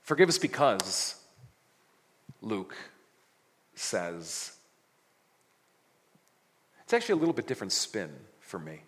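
A man's voice: on the low side, sing-song, slow pace, pauses often, fairly bright tone. A man preaching a sermon, reading scripture dramatically and adding casual jokes. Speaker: pastor. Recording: reverberant hall.

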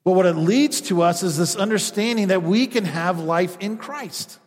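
A man's voice: high voice, moderate pace, in a large hall. A man preaching a sermon as a pastor, acting out quoted voices as he goes.

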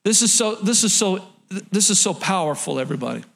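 High-voiced pastor preaching emphatically. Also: male voice, expressive, a little fast, vocal fry, fairly bright tone, breathy edge. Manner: emphatic, repeats phrases, addresses congregation directly. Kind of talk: sermon. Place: church in front of a congregation.

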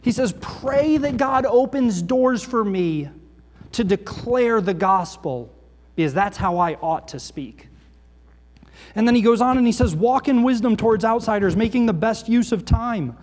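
Middle-aged male pastor, higher-pitched voice, emphatic sermon with sudden soft drops, church hall reverb. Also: lively intonation, unhurried. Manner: passionate, emphatic preaching with sudden drops to quiet. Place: church sanctuary.

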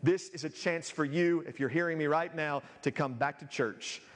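A man's voice: on the high side, normal speed. Man preaching with a long reverb. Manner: preaching with rising intensity, reading scripture aloud. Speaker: pastor. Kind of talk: sermon.

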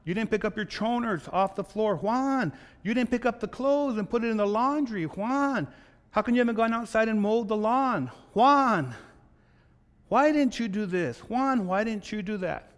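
A man voicing an older wife who keeps scolding her husband in a high, shrill voice. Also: expressive, moderate pace, big-room sound. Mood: nagging.

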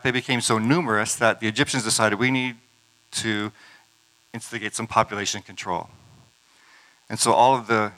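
A man's voice: medium pitch, bright, forceful tone, poor audio. A man preaching a sermon, retelling scripture stories in a conversational way with casual asides.

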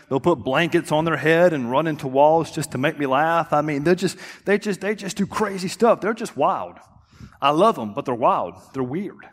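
A young man preaches to his congregation, spinning a family story and playing out each person's lines. His voice sits a little high for a man. The sound rings with a long reverb from the church hall. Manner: storytelling, animated, acts out quotes. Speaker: pastor. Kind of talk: sermon. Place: church sanctuary.

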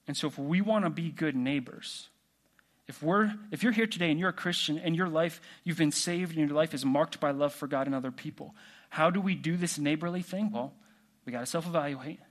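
A man preaching a sermon in a relaxed, conversational way, asking the congregation questions. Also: fairly high pitch, normal speed. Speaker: pastor.

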